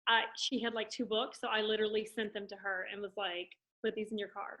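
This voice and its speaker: A woman's voice: mid-range voice, flat delivery, a little fast, sharp tone, low-quality recording. A woman from Louisiana with a Southern accent, a chatty guest on a casual live video chat.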